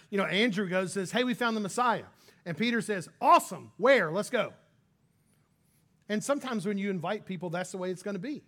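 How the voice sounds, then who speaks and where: A man preaching a conversational sermon as pastor, casual and lively, slipping into little voices for the people he quotes. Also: sits high. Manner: casual and animated, acts out quoted speakers.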